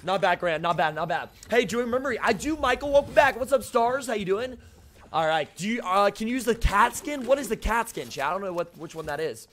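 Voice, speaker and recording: A young man streaming a shooter game live, chatting casually with his viewers and greeting them by name, with excitable outbursts during fights. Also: high voice, fairly quick. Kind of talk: casual live-stream chat while playing.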